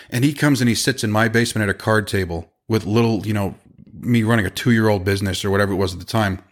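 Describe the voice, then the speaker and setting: A man hosting a podcast and running a business, telling stories in a casual monologue with emphatic, animated delivery in quick bursts. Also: fairly low pitch. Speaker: podcast host and business owner.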